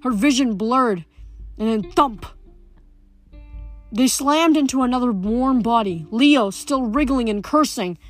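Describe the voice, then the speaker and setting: A woman reads a novel aloud and pauses to chat about the chapter. She often stumbles and restarts her words, in a fairly high voice. Soft music sits faintly behind her. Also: lively intonation. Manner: stumbling, self-correcting. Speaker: book reader. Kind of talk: reading a novel aloud with commentary.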